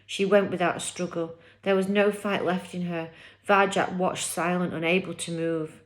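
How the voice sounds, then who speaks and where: A woman reading a children's novel aloud chapter by chapter, with expressive, dramatic storytelling. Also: lowish voice, normal speed.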